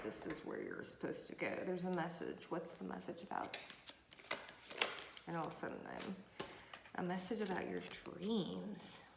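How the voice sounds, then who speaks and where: A woman's voice: on the low side, vocal fry. A woman giving a chatty, rambling tarot reading with many fillers, recorded on a camera mic. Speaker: tarot reader. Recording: echoey room with faint noise.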